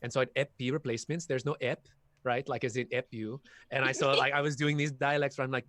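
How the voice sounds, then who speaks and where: A man's voice: mid-range voice, fast talker, no echo. A man, a voice actor, talking casually and animatedly at an online workshop, telling long stories from his work. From half Filipino heritage. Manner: animated, talkative storyteller. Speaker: voice actor guest.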